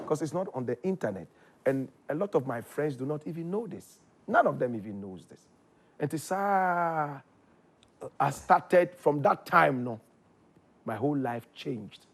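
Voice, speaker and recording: A Ghanaian man talks through a personal story in a relaxed chat, his husky voice swinging widely in pitch. He gets animated and loud at the exciting moments, then drops back to a low murmur. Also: moderate pace. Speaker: guest. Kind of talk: casual chat.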